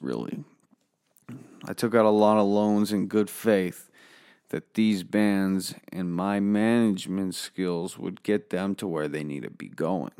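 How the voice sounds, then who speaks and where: Slow, gravelly-voiced boastful man. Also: low-pitched, expressive, a little mellow. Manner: boastful and rambling, swears freely. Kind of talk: comedic storytelling monologue.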